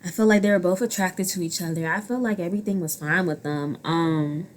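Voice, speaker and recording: A young woman in her twenties riffing on a reality show straight into her own mic. She talks bluntly and swears freely. Her voice leaps from loud, animated bursts to soft, muttered asides. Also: on the low side, fairly quick. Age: 20s. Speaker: vlogger. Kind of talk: casual reality show commentary. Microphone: own handheld mic.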